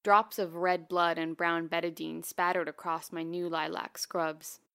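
A woman narrating a first-person memoir in a quiet, measured, intimate way. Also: on the low side, level tone, vocal fry, smooth, no room sound, studio quality.

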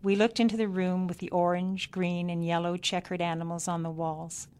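Female memoir narrator, slightly low voice, deliberate pacing, dry understatement. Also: little pitch movement, a little mellow, clean tone. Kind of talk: reading her own memoir aloud.

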